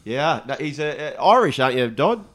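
A man, co-hosting a sports radio show, who introduces callers in a loud, upbeat way. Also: medium pitch, sing-song, fairly quick, crowd noise. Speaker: radio co-host. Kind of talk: lively radio banter.

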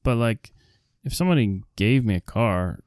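A man's voice: on the low side, animated, moderate pace, darkish tone, no room sound, clean studio sound. A man co-hosting a podcast, chatting casually and rambling with lots of fillers about a film. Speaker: podcast co-host. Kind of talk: casual chat recapping a film.

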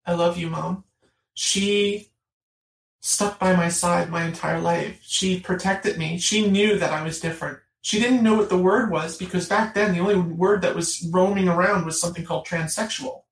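Speaking at a normal pace in a lowish, steady voice, a middle-aged woman shares her own story as an interview guest. She is earnest and emphatic, repeating phrases to stress them, and the recording sounds roomy with a distant mic.

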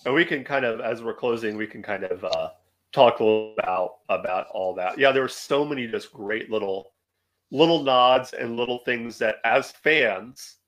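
A man co-hosting a podcast in casual chat, relaxed and agreeable with loose phrasing. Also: medium pitch, moderate pace, low-quality recording. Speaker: podcast co-host.

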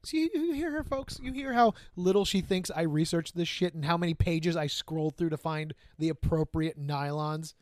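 A man's voice: fairly high pitch, normal speed, hardly any pauses, no room sound. A man co-hosting a casual podcast, joking and teasing, swearing freely. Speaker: podcast co-host. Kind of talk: casual chat.

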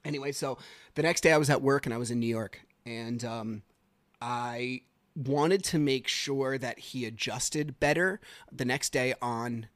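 A man's voice: mid-range voice, a little slow, fairly bright tone, dry recording. Man talking in a dry rambling podcast voice. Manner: rambling, conversational, many fillers and restarts. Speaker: podcast host. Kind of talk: casual personal storytelling.

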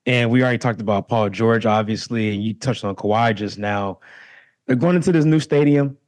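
Steady man breaking down basketball. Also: medium pitch, brisk. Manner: steady, agreeable, analytical. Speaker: podcast co-host. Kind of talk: casual sports chat.

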